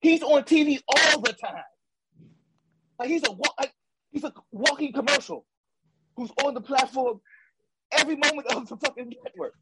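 A man co-hosting a casual sports talk show, ranting with animated repetition and slang. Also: very high voice, normal speed, long pauses, very noisy. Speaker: podcast co-host.

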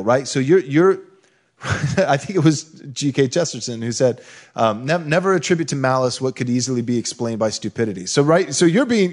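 A man co-hosting a podcast, often agreeing with his partner and making his point with quoted lines. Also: a little high. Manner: affirming, quotes scripture while arguing. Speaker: podcast co-host. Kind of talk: conversational commentary.

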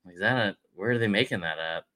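A man's voice: low-pitched, fast talker, sharp tone. A man co-hosting a sports podcast, rambling and teasing casually, swearing freely. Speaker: podcast co-host.

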